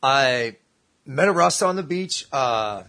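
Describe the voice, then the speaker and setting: A man's voice: mid-range voice, expressive, unhurried, vocal fry, pushed and bright. A man telling a long, profane, slangy story in casual chat, acting out the voices of the people in it.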